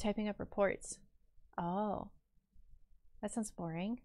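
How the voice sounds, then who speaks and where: High, bright-voiced chatty woman streamer. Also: animated, brisk, clear, resonant tone, no room sound. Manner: chatty, reads viewer messages aloud and answers them; laughs easily, playful. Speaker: live streamer. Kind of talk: casual chat while drawing on stream.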